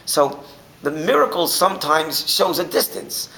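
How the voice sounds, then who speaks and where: A male rabbi teaching through stories, his pitch rising and falling widely as he goes from loud outbursts to hushed asides. His voice is gravelly and bright. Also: fairly quick, a little hiss or hum, low-quality recording. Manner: animated, swings from shouting to near whisper. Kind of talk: Torah class with storytelling.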